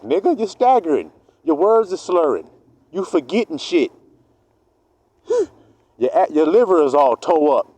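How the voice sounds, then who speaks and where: Man, slightly high voice with wild swings in pitch, preaching a profane street sermon that acts out both sides of each argument. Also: dark tone, no room sound, poor audio. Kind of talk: street-style sermon monologue.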